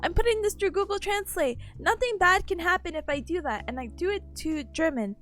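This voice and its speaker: Young female streamer, high and lively, giggly, slightly nasal and worn, faint music underneath. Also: fairly quick. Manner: bubbly, giggly, greets chat warmly. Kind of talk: casual live-stream chat.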